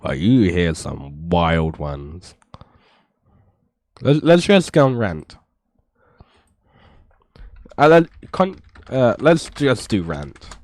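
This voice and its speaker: A man giving casual reaction commentary in a rambling, exasperated way on a low-quality mic. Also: sing-song, very slow, pauses often, a little mellow, dry recording. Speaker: reaction streamer.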